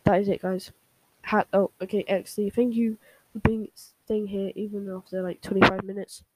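A woman's voice: medium pitch, little pitch movement, normal speed, very noisy. A young woman talking casually to her viewers and rambling with many fillers and restarts. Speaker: fan video host. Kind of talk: casual talk and reading fan fiction aloud.

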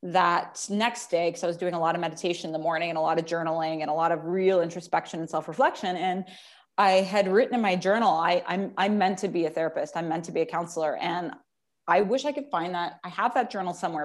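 A woman's voice: fairly low pitch, fast talker. A middle-aged woman counsellor, a podcast guest, telling her story in casual chat with lots of emotion and laughter.

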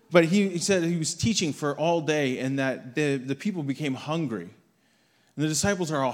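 A young adult man with a medium-pitched voice speaks as a guest in a church hall. His sermon is conversational, built on a personal story, and he acts out the quotes.

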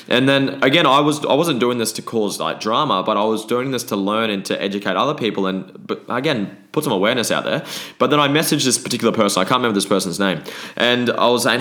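A man's voice: lowish voice, lively intonation, fast talker, a bit bright. A man, hosting a podcast and talking bluntly in a casual monologue, often swearing. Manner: blunt and frequently swearing, with restarts. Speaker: podcast host.

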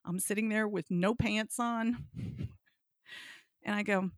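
A woman telling a frank comic personal story with a deadpan delivery. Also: mid-range voice, takes it slowly, dry recording, clean studio sound.

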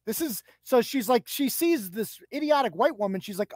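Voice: mid-range voice, lively intonation, normal speed, few pauses, darkish tone, dry recording, clean studio sound. A podcast host delivering a profane, mocking rant as commentary. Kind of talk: ranting commentary.

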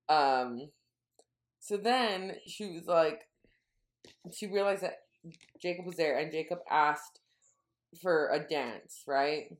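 Woman, podcast co-host, casual recap, low voice, rambling with self-corrections. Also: slow, long pauses, echoey room. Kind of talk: casual book recap chat.

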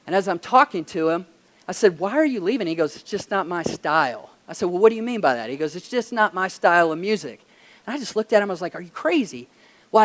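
A male pastor with a voice that sits high delivers a conversational sermon. He tells stories and presses emphatic questions on his listeners.

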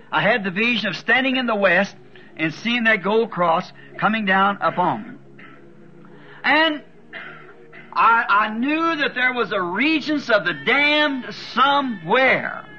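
High, bright-voiced preacher on old tape. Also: male voice, highs cut off, a little hiss or hum. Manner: fervent, halting storytelling with repeated words. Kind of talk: sermon testimony.

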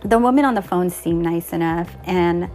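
Gravelly woman telling a story. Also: fairly low pitch, normal speed, soft background music. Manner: animated retelling, quotes others in dialogue, laughs now and then. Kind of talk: casual storytelling.

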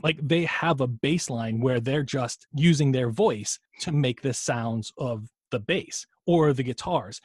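A male podcast co-host chatting casually at a middle pitch, wandering off on tangents with plenty of swearing. His voice is close and dry, with no room sound behind it. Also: measured pace, hardly any pauses, a little mellow, slightly rough, dry recording. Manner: rambling, profane, admits his own tangents. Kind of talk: casual chat.

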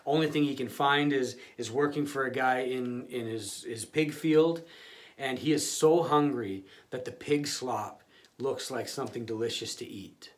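A man's voice: mid-range voice, measured pace. A male pastor giving a conversational sermon, often restarting and repeating words.

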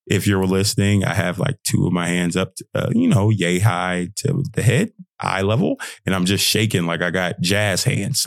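A young man hosting a motivational podcast, talking casually with slang, laughing often and jumping into high mocking voices when he quotes people. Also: normal speed, vocal fry, few pauses, dry recording, studio quality. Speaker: podcast host. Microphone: podcast setup.

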